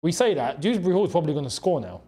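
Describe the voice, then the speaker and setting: A young man hosting a live football watchalong, reacting to the match, shouting at big chances, groaning at misses and thanking viewers in the chat. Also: on the high side, sing-song, rapid-fire. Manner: chatty, reads out and thanks chat members.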